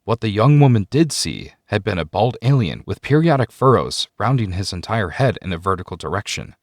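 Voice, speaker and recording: A man with a fairly low voice reads a sci-fi story aloud in a measured way. His pitch moves a lot across sentences. The recording is dry and close, with no room sound. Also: no echo. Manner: measured storytelling with expressive ups and downs. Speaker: narrator. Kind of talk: scripted audiobook narration.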